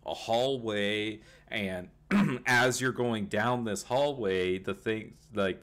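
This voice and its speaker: Slow, low-voiced male game master. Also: fairly bright tone. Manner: rambling, filler-heavy narration. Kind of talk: narrating a tabletop game.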